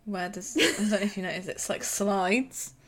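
A woman's voice: mid-range voice, moderate pace. Laughing British woman co-host. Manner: laughs often, animated retelling. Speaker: podcast co-host. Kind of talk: casual chat.

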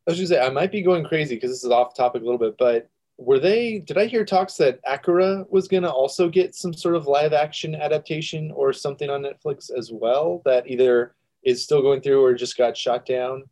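A man's voice: mid-range voice, a little fast, warm tone. Man chatting in a hesitant, rambling way. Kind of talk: casual chat.

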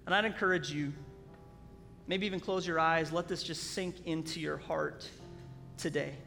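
A man preaching a sermon as a pastor, telling a story earnestly with halting restarts, in a church sanctuary. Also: on the high side, steady tone, creaky, pushed and bright. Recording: long hall reverb, faint music.

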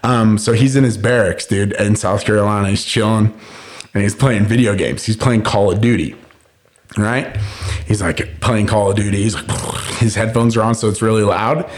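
A young man chatting casually on a podcast, rambling through a story with lots of fillers and frequent laughter. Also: lowish voice. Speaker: podcast host.

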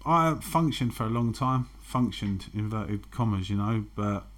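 A man's voice: on the low side, lively intonation, a little slow, a bit bright. A man, frankly telling his own recovery story and swearing freely. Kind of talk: candid personal testimony.

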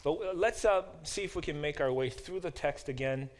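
In a fairly high-pitched voice and a slightly fast pace, a man teaches a Bible class as professor. He reads verses aloud and explains them, frequently using fillers and restarting his thoughts.

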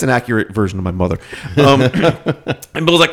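Animated New man telling a story. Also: mid-range voice, moderate pace. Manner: animated, profane, laughing often. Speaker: storyteller in group chat. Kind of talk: casual storytelling.

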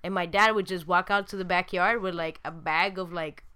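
A woman's voice: on the low side, fairly even intonation, moderate pace, pushed and bright, smooth. A woman co-hosting a podcast, chatting casually and telling laughing stories full of slang catchphrases. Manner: laughing storyteller who mimics slang catchphrases. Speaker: podcast co-host. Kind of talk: casual chat.

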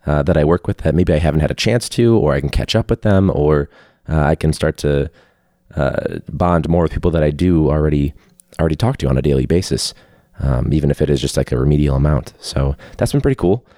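A man with a very low, mellow voice talks through a rambling solo podcast, loose and candid, full of fillers and blunt asides. The sound is dry and close, with no room around him. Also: a little fast, no echo. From Chicago area. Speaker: podcast host, teacher. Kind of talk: casual solo podcast chat. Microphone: phone hooked up to a video call.

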